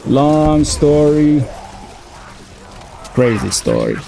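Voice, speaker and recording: A man's voice: fairly high pitch, wildly swooping pitch, very slow, vocal fry, warm tone. A man in his thirties telling a personal story in a casual, profane, laid-back way. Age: 30s. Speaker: gaming streamer.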